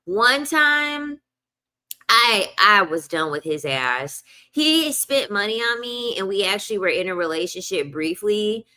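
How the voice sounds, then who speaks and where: A woman's voice: medium pitch, expressive, a little slow, pushed and bright. A young woman telling a casual storytime rant, blunt and profane, repeating lines for emphasis. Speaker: vlogger.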